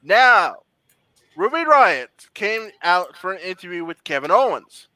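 A man's voice: high voice, very animated, measured pace, sharp tone, no echo, poor audio. A man hosting a podcast, recapping casually and often stumbling over and repeating his words. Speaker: podcast host. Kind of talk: casual wrestling recap chat.

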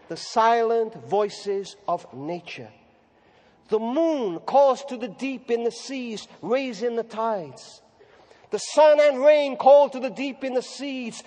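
A man preaching a sermon, telling stories dramatically and slowing down for emphasis. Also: extremely high pitch, darkish tone. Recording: reverberant hall recording.

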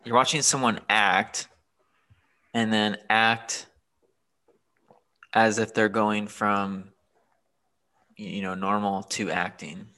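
A man's voice: lowish voice, fairly even intonation, slow pace, pauses often, bright, forceful tone. A man in casual chat, giving dry, terse replies.

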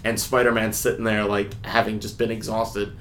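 A young man co-hosting a casual comic book podcast, retelling the plot with lively acted-out lines. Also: on the low side, moderate pace, slight background noise. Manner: animated retelling, acting out characters' lines. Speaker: podcast co-host.

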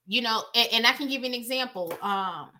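A woman's voice: a little high, fairly quick, slight background noise. A woman with a New York accent, a guest in casual chat, telling stories animatedly and acting out what people said. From Brooklyn, New York. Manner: animated storyteller, acts out quotes.

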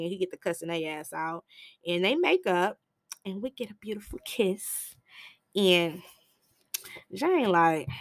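A woman's voice: fairly low pitch, smooth, no echo. A woman tells a film's story in a loose, slangy and blunt way, jumping into the characters' voices as she goes. She sits close to the mic in a dry, deadened space. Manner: animated, slangy, acts out quoted lines; blunt and profane. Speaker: film recap vlogger. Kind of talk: casual movie recap storytelling.

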